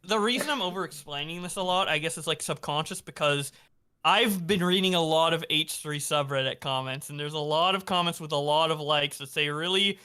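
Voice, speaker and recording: A man's voice: fairly high pitch, brisk, pushed and bright, clean tone. A man chatting as a guest, rambling and over-explaining himself with fillers. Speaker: podcast guest. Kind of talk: casual commentary chat.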